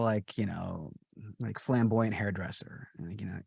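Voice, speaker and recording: A chatty, verbose man gives a podcast interview in a gravelly voice with a husky edge. He tells his stories with animation into a close mic. The sound is dry, with no room echo. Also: lowish voice, steady tone, brisk, mellow. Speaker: guest, ASMR artist and actor.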